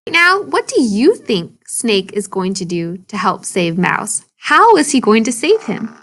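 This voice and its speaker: A woman's voice: medium pitch, big pitch swings, unhurried, a bit bright. Patient woman teacher reading a storybook. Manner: patient, explaining to children. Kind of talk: reading a story aloud in a video lesson.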